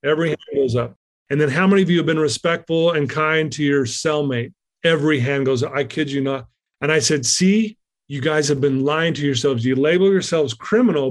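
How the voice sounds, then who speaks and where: A middle-aged man telling a story as a podcast guest, acting out his own quotes with animation. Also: fairly high pitch. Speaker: guest speaker.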